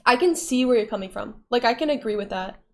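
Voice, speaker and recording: A woman's voice: fairly high pitch, animated, fast, a little mellow. A young woman livestreaming, casually reading and answering chat with playful giggles.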